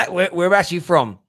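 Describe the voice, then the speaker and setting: A man's voice: high voice, fairly bright tone, no room sound, clean studio sound. A man hosting a fan call-in show with a chatty, joking manner who laughs easily with callers. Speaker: host.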